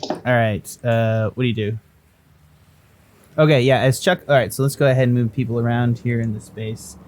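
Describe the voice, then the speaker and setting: A man's voice: mid-range voice, moderate pace. A man running a tabletop game as dungeon master, narrating scenes casually and correcting himself as he goes. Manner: relaxed, jokey, self-correcting. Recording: faint background noise.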